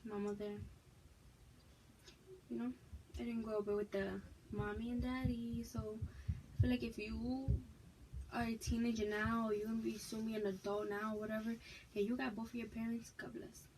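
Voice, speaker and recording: A woman's voice: on the high side, level tone, normal speed, long pauses, background noise. A young woman from Massachusetts, frank and emphatic, telling her personal story to her viewers in a casual vlog. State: pregnant, expecting a child. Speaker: vlogger.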